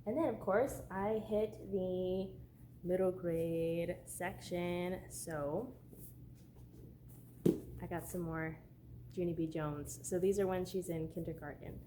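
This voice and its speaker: A woman's voice: on the low side, steady tone, takes it slowly, background noise. A woman chatting casually in a book haul vlog, bubbly and gushing, with lots of "like" fillers. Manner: bubbly, gushing, says "like" often. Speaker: book vlogger.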